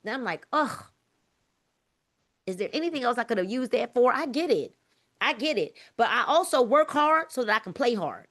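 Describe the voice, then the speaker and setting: A woman's voice: a little high, big pitch swings, moderate pace, a bit bright. A woman leading a motivational group video call, emphatic and preachy, repeating her phrases and calling the group y'all.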